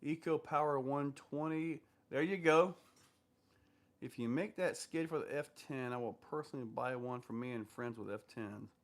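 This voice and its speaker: A man of medium pitch, talking at normal speed, hosts a casual stream where he reads viewer comments aloud. He takes their questions in a loose, wandering style, dropping in lots of fillers.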